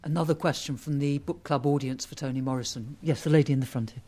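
A man's voice: medium pitch, fairly even intonation, fast, a little mellow. Man hosting a radio book club. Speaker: radio host.

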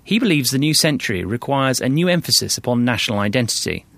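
A man from London presenting a radio documentary, scripted narration in a measured, wry way. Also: mid-range voice, sing-song, creaky, fairly bright tone, no room sound.

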